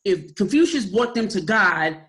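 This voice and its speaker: Emotional, animated woman telling her story. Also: mid-range voice, a little slow. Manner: emotional, animated, many restarts. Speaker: podcast co-host and evangelist. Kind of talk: personal storytelling in casual chat.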